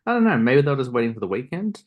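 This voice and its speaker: A man's voice: mid-range voice, racing. A man hosting a podcast, chatting casually and teasing himself a little. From Australia. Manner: relaxed, chatty, self-deprecating. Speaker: podcast host. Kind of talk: casual chat.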